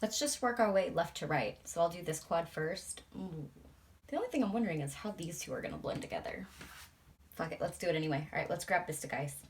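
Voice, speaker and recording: A woman's voice: fairly low pitch, expressive, fast talker, a little hiss or hum. A young adult woman, a beauty vlogger, chatting casually and swearing freely while doing her makeup.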